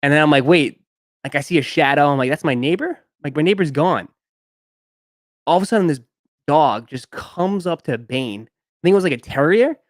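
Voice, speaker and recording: A man's voice: on the high side, dry recording. Rambling young man, dry close sound. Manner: rambling storyteller with many fillers. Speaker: sneaker live stream host. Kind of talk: casual live stream chat.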